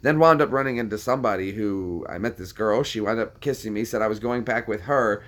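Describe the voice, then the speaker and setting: This man's voice is lowish and his delivery brisk as he hosts a relaxed chat for viewers. He meanders, telling stories and repeating himself along the way.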